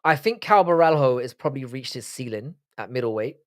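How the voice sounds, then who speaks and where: A man's voice: medium pitch, lively intonation, fairly quick, no echo, studio quality. A man hosting a live stream, chatting casually, reading chat comments aloud and answering with swearing banter. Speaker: livestream host.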